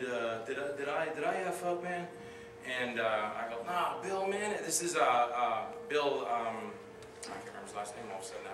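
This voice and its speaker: A man answering audience questions at a convention panel, telling animated stories and acting out the dialogue with loud outbursts. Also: medium pitch. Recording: roomy hall, distant mic, noisy.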